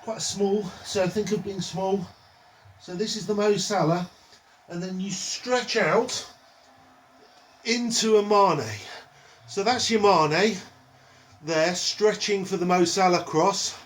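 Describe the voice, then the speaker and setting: A man's voice: high voice, steady tone, slow, pauses often, fairly bright tone, a little hiss or hum. A man leading a home stretching tutorial in a playful way, naming each exercise after a football player. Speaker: exercise instructor. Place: indoors at home. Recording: echoey room, mic at a distance.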